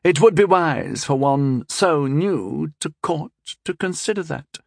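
A man's voice: on the high side, lively intonation, measured pace, creaky, a little mellow, no room sound, studio quality, pitched above the performer's own voice, heavily acted. A man voicing a cold, scheming teenage princess in an audiobook, speaking in a sly, condescending drawl. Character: scheming sixteen-year-old princess, cold and tipsy. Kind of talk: audiobook character voice.

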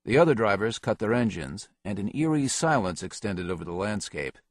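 A man narrating an action novel as an audiobook in a steady, even reading. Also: on the low side, fairly quick, no room sound, studio quality. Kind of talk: scripted narration.

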